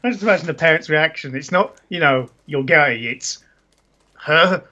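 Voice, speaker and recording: A man's voice: a little high, moderate pace, bright, forceful tone, dull audio. A man chatting casually and joking while co-hosting a game playthrough. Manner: giggly, jokey. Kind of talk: casual chat.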